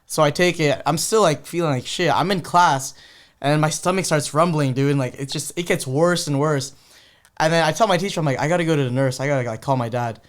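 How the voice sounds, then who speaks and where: Slightly high-voiced laid-back young man. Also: brisk. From San Francisco Bay Area. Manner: laid-back storytelling, lots of filler "like". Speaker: podcast guest. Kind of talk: casual chat.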